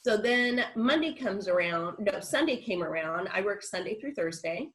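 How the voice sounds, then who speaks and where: A woman's voice: medium pitch, animated, moderate pace, poor audio. A middle-aged woman on a video call, telling a personal story in a chatty, rambling way with frequent restarts and laughs. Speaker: guest speaker.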